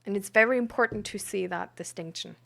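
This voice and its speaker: A woman streamer and peer support coach, chatting frankly and reflectively with her audience, pausing often with fillers. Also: medium pitch, gravelly, fairly bright tone. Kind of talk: casual live-stream chat about mental health.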